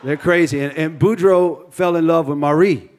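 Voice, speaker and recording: A man's voice: a little high, normal speed, darkish tone. A man in his thirties with a Louisiana accent preaching a sermon in a folksy, joking way, with restarts. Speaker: guest preacher. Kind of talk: sermon with storytelling.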